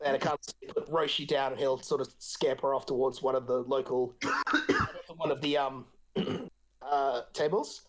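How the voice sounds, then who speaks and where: Game master, laughing, casual. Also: male voice, medium pitch, fairly even intonation. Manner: casual, laughing, halting restarts. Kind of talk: running a tabletop game over voice chat.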